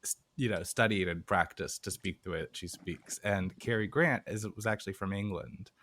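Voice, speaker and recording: A man co-hosting a podcast, chatting casually about a film, relaxed and meandering with many fillers. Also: low-pitched, normal speed, a little hiss or hum. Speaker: podcast co-host.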